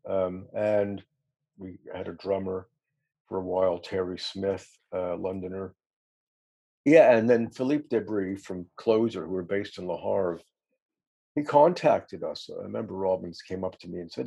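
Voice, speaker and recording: A middle-aged man recalls his band's history in a casual, rambling interview. His voice is low and dark, with a gravelly, husky grain. He laughs easily and pokes fun at himself. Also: unhurried. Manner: rambling storyteller, self-deprecating, laughs often. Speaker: musician guest.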